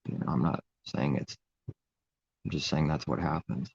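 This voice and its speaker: A man's voice: extremely low pitch, steady tone, a little slow, gravelly, darkish tone, slightly rough, no room sound, dull audio. A man giving an informal, rambling sermon in a conversational way. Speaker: preacher. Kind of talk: informal live-stream sermon.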